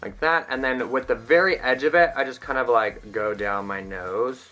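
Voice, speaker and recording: Bright-voiced chatty young man. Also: mid-range voice, normal speed, soft background music. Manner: chatty, self-mocking. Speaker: vlogger. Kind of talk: makeup tutorial chat.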